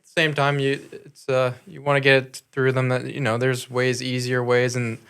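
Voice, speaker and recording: Young guy with a smooth clear voice, halting and earnest on a podcast. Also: mid-range voice, little pitch movement, a bit bright. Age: young adult. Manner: earnest, halting, many fillers. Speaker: podcast guest. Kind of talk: casual podcast conversation.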